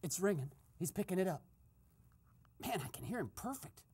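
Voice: mid-range voice, sing-song, moderate pace, darkish tone, husky, heavily acted. A performer playing a nosy male eavesdropper in a comic radio sketch, giving breathless running commentary and shushing constantly.

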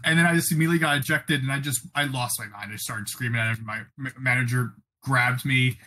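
A man co-hosting a podcast, telling a sports story in an animated, excitable way. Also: mid-range voice, fast talker, a little hiss or hum. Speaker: podcast co-host. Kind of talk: casual chat.

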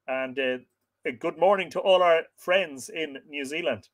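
A man hosting a livestream, reading an old tale aloud with expressive, lilting storytelling. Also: on the high side, unhurried. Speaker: host.

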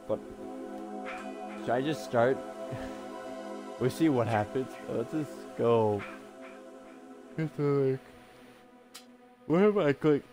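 A man giving casual gameplay commentary as the host of a gaming channel, rambling, excitable and self-mocking, swearing often. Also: mid-range voice.

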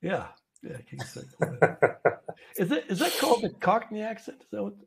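A man's voice: sits high, big pitch swings, normal speed, creaky, husky. A man from Canada hosting a casual trading livestream from an office, chatty and easygoing as he walks through charts. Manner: chatty, easygoing, laughs often.

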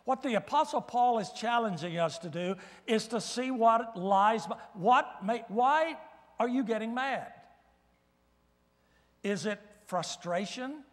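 An older man preaching a sermon in a fairly high voice, mixing scripture with folksy, humorous stories. The sound carries a long church reverb. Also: expressive, slow. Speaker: guest preacher. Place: church sanctuary.

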